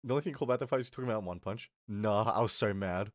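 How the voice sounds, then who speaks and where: Young man, streamer rant, animated and sweary, close dry mic. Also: lowish voice, rapid-fire, no echo. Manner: animated, swears a lot, flips between mutters and yells. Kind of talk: casual storytelling rant on a live stream.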